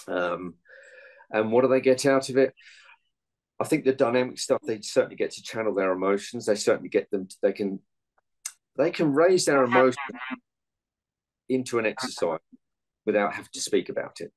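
A man's voice: mid-range voice, moderate pace, long pauses, low-quality recording. A man, a meditation and martial arts coach, giving earnest interview answers full of anecdotes from his coaching.

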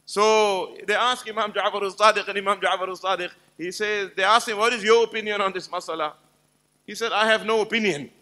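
A man's voice: sits high, fairly even intonation, fairly quick, sharp tone. A man giving an emphatic religious lecture to a live gathering, telling stories and putting rhetorical questions to the audience. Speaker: Islamic lecturer.

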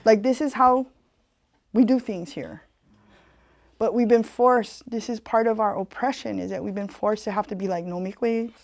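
This community talk comes from a Hawaii woman whose English carries a Hawaiian Pidgin tinge; she speaks at a moderate pace in a mid-range voice with vocal fry. The recording is dry, and she keeps things earnest and conversational, telling stories and checking in with "you know."

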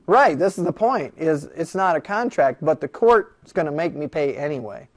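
This law lecturer speaks at a moderate pace in a voice that sits a little high. Teaching his class in a classroom, he's animated and jokey, constantly posing rhetorical questions to the students.

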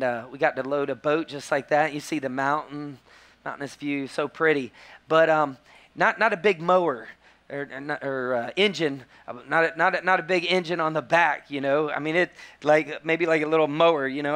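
A man, preaching a sermon as a pastor and telling stories with lively quoted voices. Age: 40s. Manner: animated storytelling, acting out quotes in high voices.

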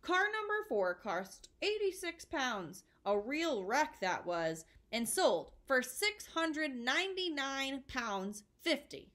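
A woman reads a children's book aloud. Her reading is warm and expressive. Her voice sits a bit high and moves around in a lively way. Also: slow, hardly any pauses. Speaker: storyteller.

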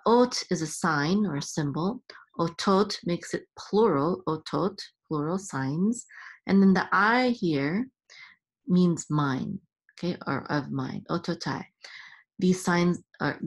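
A woman teaching Hebrew reading step by step, patiently repeating each sound and sometimes sliding into a soft near-whisper. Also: low-pitched. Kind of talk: slow step-by-step lesson.

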